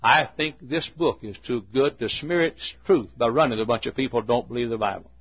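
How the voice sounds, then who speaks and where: An older man preaching a sermon in a church, telling a story in a folksy, chuckling way and swinging from hushed asides to loud, emphatic lines. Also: medium pitch, a little fast, breathy edge, highs cut off. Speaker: pastor.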